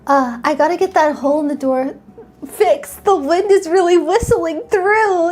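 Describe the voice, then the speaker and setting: A woman with a high, light voice chats playfully with her live audience. She rambles in a bubbly way, thanks viewers by name and hypes them up. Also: moderate pace, a little mellow. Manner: bubbly, playful, reads and thanks chat, sometimes squeals. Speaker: streamer. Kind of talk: casual live-stream chat.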